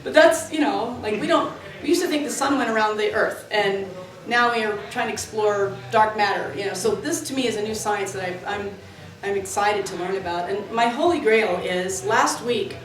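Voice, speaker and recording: Interviewed inside the club building where she works, a Florida woman from the USA rambles through anecdotes, animated and heavy on fillers, hopping from tangent to tangent. She speaks at medium pitch and a moderate pace, captured on a distant mic in an echoey room with faint noise.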